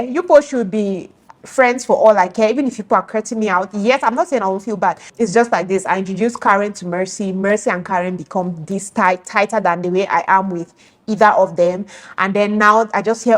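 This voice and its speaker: A woman's voice: medium pitch, a little fast. A young woman giving her opinions in a casual monologue, acting out what friends say. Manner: animated, acts out quoted friends, laughs often. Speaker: video host.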